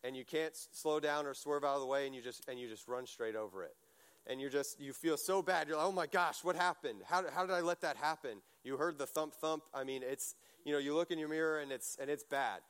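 A man preaching a casual sermon, telling stories in a chatty, animated way, full of fillers and restarts. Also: medium pitch, brisk, clear, resonant tone.

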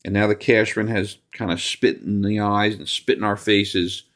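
A man's voice: fairly low pitch, fairly even intonation, normal speed, a bit bright. Man from New Jersey, sports talk host, fired-up profane rant, sarcastic edge. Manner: angry, profane, sarcastic ranting.

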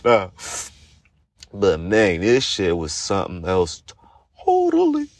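A man's voice: wildly swooping pitch, takes it slowly, no room sound. Profane young man ranting through a recap. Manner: rambling, profane, swings into high-pitched squeals and shouts while retelling scenes; laughs often mid-sentence. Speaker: podcast host. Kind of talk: solo comedic recap monologue.

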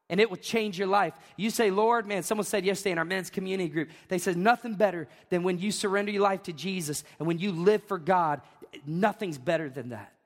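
Fired-up high-voiced preacher man. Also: big-room sound. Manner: fervent, shouting at peaks, conversational asides. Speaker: pastor. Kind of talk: sermon. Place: church sanctuary.

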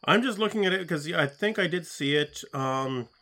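A middle-aged man co-hosting a podcast in casual chat, talking in a hesitant, halting way and often restarting his sentences. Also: a little high, expressive, sharp tone. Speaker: podcast co-host.

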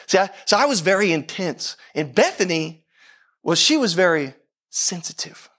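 Preaching with great animation at a moderate pace, a middle-aged pastor uses a high-set, fairly bright voice. Intense and emphatic, he piles on rhetorical questions and hammers his points through repetition.

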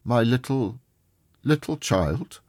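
A man playing a kindly, poor father who stays gently cheerful through his grief. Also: lowish voice, animated, normal speed, husky, no room sound, studio quality. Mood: grieving.

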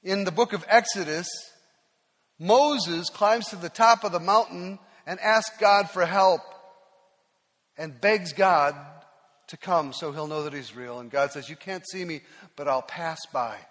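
A man preaching in a church sanctuary, his voice sitting high for a man. He tells stories about himself with a self-deprecating, conversational touch and small restarts. The sound carries a long hall reverb. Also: measured pace, fairly bright tone. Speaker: pastor. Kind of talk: sermon.

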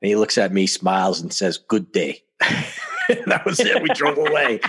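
There's a breathy edge to this American man's medium-pitched voice as he speaks at normal speed. A podcast guest on a talk show, he tells casual anecdotes with animation and plenty of laughter.

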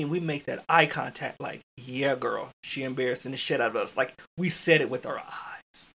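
A podcast host, an adult man and a father, tells a work story in a relaxed, chatty way, speaking directly to his listeners and calling them "y'all." His voice sits on the high side and sounds a bit bright, and he swears mildly here and there.

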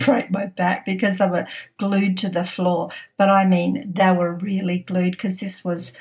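A middle-aged woman hosting a podcast, casually telling a funny workplace story and laughing often as she talks. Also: mid-range voice. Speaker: podcast host.

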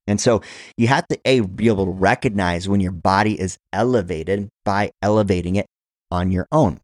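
Low-voiced man coaching slow counted breaths. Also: no room sound, clean studio sound. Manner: guides listeners through counted breathing, slowing on counts. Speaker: podcast host. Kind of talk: coaching talk on breathing and prayer.

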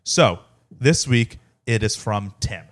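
A man's voice: lowish voice, animated, slow. A man co-hosting a podcast, amused and easygoing, reading items aloud and pushing back. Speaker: podcast co-host. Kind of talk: casual podcast chat.

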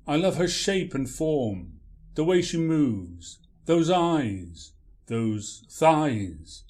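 An actor playing a grumpy, irritable writer with a curt, dry way of talking. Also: male voice, fairly high pitch, sing-song, extremely slow, darkish tone, full character voice. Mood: wry. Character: grumpy, irritable male writer named Kilter.

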